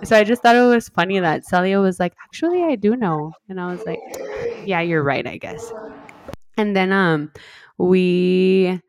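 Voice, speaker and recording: A woman's voice: on the low side, moderate pace. A young adult woman telling a personal story in a casual, chatty way, full of "like"s and acted-out quoted dialogue. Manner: chatty, many "like"s, animated quoted dialogue, laughs. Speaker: podcast host telling her birth story.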